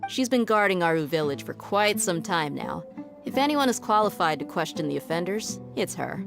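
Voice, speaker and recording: An actress playing a confident, laid-back desert mercenary in a video game. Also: female voice, on the low side, expressive, normal speed, gravelly. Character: tough, easygoing desert mercenary woman. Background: game music.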